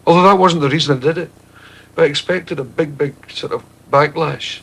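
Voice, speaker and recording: A man's voice: a little high, brisk, vocal fry, fairly bright tone, a little hiss or hum. A Glaswegian Scottish man answering interview questions in a thoughtful, wry, slightly hesitant way. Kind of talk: reflective interview talk.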